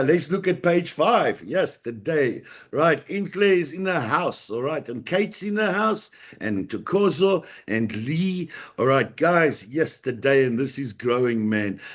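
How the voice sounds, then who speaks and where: A man with a South African accent, a teacher running a live online lesson, upbeat and chatty as he greets students by name. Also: medium pitch. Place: online video meeting.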